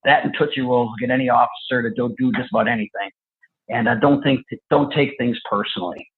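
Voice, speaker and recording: A man, a police trainer and podcast guest, telling stories in a lively, conversational way. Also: mid-range voice, fast talker. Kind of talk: storytelling interview answers. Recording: tinny phone-like line.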